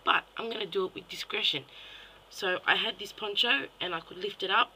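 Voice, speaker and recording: A woman's voice: mid-range voice, fairly quick, bright, forceful tone, a little hiss or hum, rough recording. A young Australian woman and mum ranting bluntly and profanely into her webcam at home late at night. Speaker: vlogger. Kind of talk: ranting vlog monologue.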